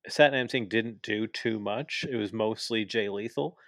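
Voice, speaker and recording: A man's voice: fairly low pitch, unhurried, fairly bright tone, no echo, studio quality. A young man co-hosting a casual podcast chat, opinionated and explaining at length with plenty of fillers. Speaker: podcast co-host.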